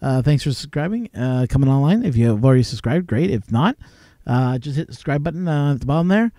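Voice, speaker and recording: A man's voice: mid-range voice, expressive, fast talker, dark tone, dry recording, clean studio sound. A man chatting casually on a live stream from home, rambling and chuckling through his stories with lots of fillers. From Canada.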